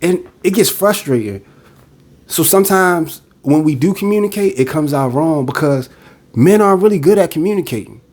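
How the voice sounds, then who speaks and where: A man's voice: fairly high pitch, lively intonation, normal speed, a little mellow. Blunt, direct man venting on a podcast. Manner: blunt and direct, acts out quoted voices. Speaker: podcast host. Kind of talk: casual monologue.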